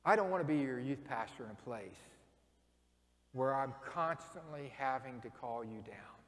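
Midwestern pastor preaching in a reverberant church. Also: male voice, medium pitch, expressive, normal speed, fairly bright tone. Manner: storytelling, acts out quoted voices. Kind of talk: sermon. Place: church sanctuary. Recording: long reverb of a church hall.

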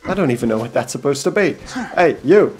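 A man's voice: medium pitch, animated, a little fast, a little mellow, faint music behind. A man with a Belgian accent giving rambling, casual commentary over a video game, joking and talking to himself. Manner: rambling, talks to himself, jokey asides. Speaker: let's play host.

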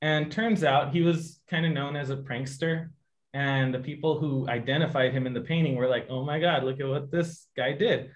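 A man's voice: mid-range voice, normal speed. A man, a guest artist, casually telling a story to an online audience and acting out the voices in it. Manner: animated anecdote teller, acts out voices in quotes. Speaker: guest artist giving a painting demo.

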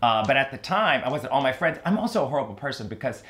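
A middle-aged man, chatting in a relaxed interview. His speaking pitch sits in an ordinary middle range, and his delivery is dry and sardonic, with sudden leaps into shrill mocking voices when he quotes people. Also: fast talker. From New Orleans, USA. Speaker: drag performer guest. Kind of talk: casual interview storytelling.

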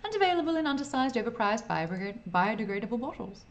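A woman's voice: fairly high pitch, very animated, fast talker, dull audio, voice pushed up. A woman putting on a fussy, pretentious barber. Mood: grandiose. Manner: showy salesman patter, mock French flourish. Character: fussy pretentious male hairdresser.

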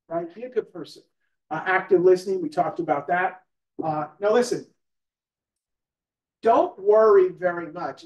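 Man, high-pitched, training class, chatty, keeps checking in with the room, echoey room, distant mic. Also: a little mellow. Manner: conversational, asks the room questions, repeats "right?". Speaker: real estate trainer. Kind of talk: live classroom training talk. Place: training room with a live audience.

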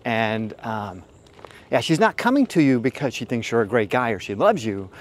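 Very animated and speaking at a moderate pace, a middle-aged man hosting a dating advice show rambles through a loose storytelling monologue in a mid-pitched voice. He keeps circling back, fills gaps with fillers, and throws in frank, profane remarks.

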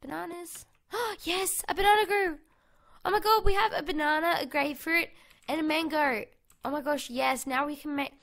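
An Australian woman giving bubbly, excitable, chatty commentary over her own gameplay, recorded at home on a desk microphone. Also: sits high. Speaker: gaming YouTuber. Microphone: USB condenser mic on a desk.

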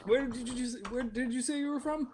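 A woman's voice: sits high, steady tone, fairly quick, background noise, pitched above the performer's own voice, natural voice. A man voicing a huge, grumpy Russian woman guard with a clumsy put-on Russian accent. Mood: flustered.

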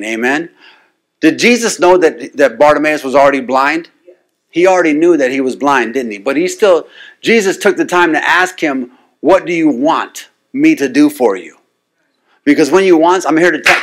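A man's voice: a little high, fairly bright tone. A man preaching a sermon, punctuating lines with "amen?" and building into insistent, repeated declarations. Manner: call-and-response, frequent "amen?" to the congregation; builds to rising, insistent repetition.

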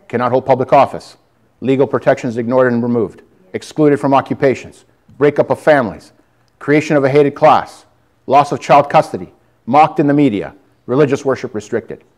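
A man's voice: mid-range voice, brisk, a little mellow. A man preaching defiantly to a congregation, calling listeners brother and sister. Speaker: lay preacher. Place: church hall with audience.

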